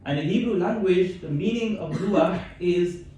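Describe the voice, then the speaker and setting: A man's voice: high-pitched, measured pace, warm tone. Man lecturing in an echoey hall. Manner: conversational, recites Arabic verses then explains them. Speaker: Islamic scholar giving a talk. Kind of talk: religious lecture. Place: community centre hall. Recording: very echoey hall, mic far off, faint noise.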